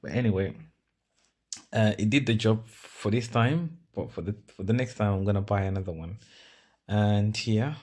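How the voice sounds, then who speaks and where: Rambling self-mocking man, low voice. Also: moderate pace, darkish tone. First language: Arabic. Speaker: vlogger. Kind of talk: casual talk over car-maintenance footage.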